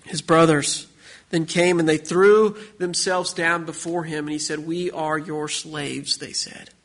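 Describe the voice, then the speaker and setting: A man with a high voice preaches a sermon to his congregation. He builds his points through repeated phrases and rising emphasis. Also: fairly even intonation, unhurried. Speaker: pastor.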